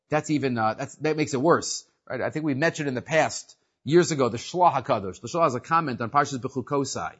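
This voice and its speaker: A man's voice: fairly high pitch, breathy edge. A man teaching a Torah class, moving between Hebrew verses and English explanation and checking in with "right?". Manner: lively, mixing Hebrew and English, questioning "right?". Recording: dull lo-fi sound.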